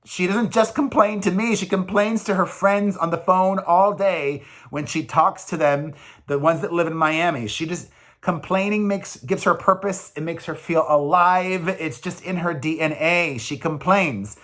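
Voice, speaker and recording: A man's voice: sits high, unhurried, fairly bright tone. A man in his forties, a single father, rambling in a casual, emphatic confessional vlog.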